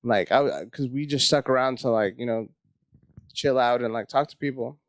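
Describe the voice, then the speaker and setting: A man telling a casual, profane story as a comedy guest, acting out his own panic in high voices. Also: normal speed, no room sound.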